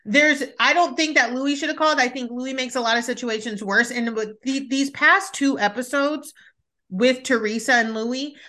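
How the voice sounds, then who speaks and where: A woman's voice: high voice, steady tone, normal speed, pushed and bright. A woman hosting a podcast in casual chat, talking candidly with frequent profanity and restarts. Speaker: podcast host.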